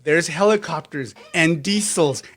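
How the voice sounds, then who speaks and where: A man narrating as game master of a tabletop game, animated and quick to laugh, acting out characters. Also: a little high.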